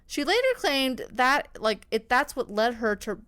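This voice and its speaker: A woman's voice: fairly high pitch, big pitch swings, a little slow, fairly bright tone. A woman co-hosting a podcast, telling a true-crime story in a loose, rambling way, full of "like" and "um" and casual swearing. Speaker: podcast co-host.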